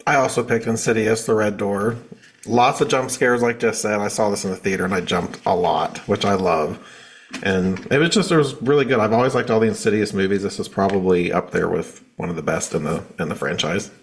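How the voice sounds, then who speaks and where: A man's voice: lowish voice, fairly quick. A man co-hosting a casual podcast, talking in a laid-back, easygoing way. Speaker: podcast co-host.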